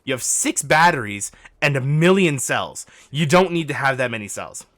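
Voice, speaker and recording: A man talks through gameplay footage as a coach, in a bright, forceful voice whose pitch jumps around a lot. He is urgent and insistent, repeating his instructions again and again. The recording is dry and close, with no room sound. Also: sing-song, moderate pace, dry recording. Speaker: gaming coach.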